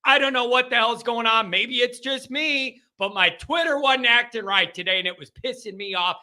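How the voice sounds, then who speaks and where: A male host of a sports call-in show, talking in an excited, emphatic way. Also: very high-pitched, moderate pace. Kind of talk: fan radio call-in chat.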